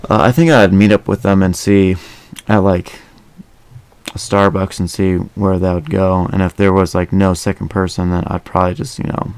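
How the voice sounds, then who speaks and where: A man's voice: low-pitched, level tone, normal speed, a little mellow, clean tone, no room sound. A young man hosting a casual podcast, rambling with lots of fillers and restarts. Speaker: podcast host.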